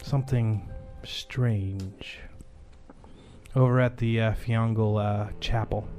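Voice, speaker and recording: A man's voice: fairly low pitch, steady tone, takes it slowly, a little mellow, soft background music. A man voicing a stern old police chief who talks to his son curtly and scoldingly. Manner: curt, scolding.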